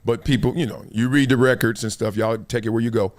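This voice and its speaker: Animated storytelling man from Los Angeles. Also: mid-range voice, fast. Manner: animated storyteller acting out scenes, slangy. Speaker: host. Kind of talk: casual storytelling monologue.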